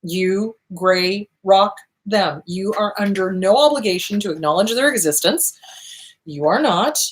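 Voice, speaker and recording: A woman hosting an advice show, answering viewer questions in a blunt, emphatic way, repeating short commands for emphasis. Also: unhurried. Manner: acts out quoted voices with big pitch swings. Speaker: host answering viewer questions on abuse recovery. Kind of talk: casual advice talk.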